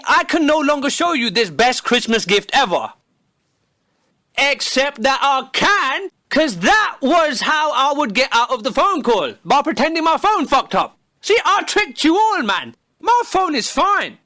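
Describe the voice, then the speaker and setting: A man's voice: very high voice, sharp tone, no echo, clean studio sound. A man delivering a sarcastic, heavily profane comedic monologue, recorded on a phone. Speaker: comedy video creator.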